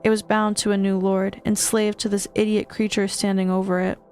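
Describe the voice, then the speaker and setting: A woman streamer reading a horror book aloud, steady with small stumbles and restarts. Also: medium pitch, brisk.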